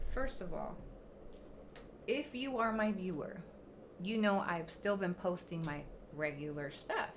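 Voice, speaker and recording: A woman's voice: on the low side, a little slow, slight background noise. A young woman hosting a casual livestream, venting bluntly and with plenty of swearing at critics in the comments. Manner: blunt, profane, ranting at critics. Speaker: livestream host.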